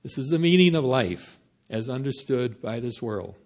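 A man preaching a sermon in a conversational, storytelling way with halting restarts. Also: mid-range voice, lively intonation, a little mellow.

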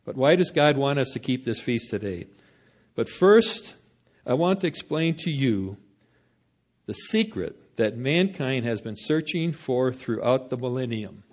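Male preacher, folksy sermon, mid-pitched, stops and restarts. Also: animated, a little mellow. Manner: conversational, halting storytelling.

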